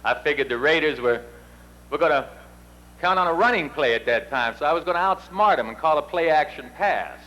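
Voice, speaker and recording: A man's voice: on the high side, lively intonation, a little fast, bright, forceful tone, poor audio. A middle-aged man presenting at an induction ceremony, telling folksy, self-deprecating stories. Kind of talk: speech with storytelling.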